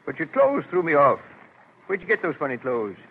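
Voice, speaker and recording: A man's voice: on the high side, wildly swooping pitch, a little fast, gravelly, exaggerated voice. A man playing a chatty, good-humored print foreman from New Hampshire with a rural New England accent, in a 1940s radio drama. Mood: folksy. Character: folksy middle-aged male New Hampshire print foreman. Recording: tinny lo-fi old radio broadcast with faint hiss.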